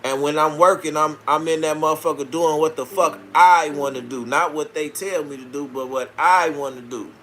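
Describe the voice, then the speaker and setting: A man's voice: on the high side, steady tone, moderate pace, hardly any pauses, fairly bright tone, slight background noise. A man from Chicago hosting a casual live stream, answering viewer comments with brash, profane street banter. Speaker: livestream host reading viewer comments.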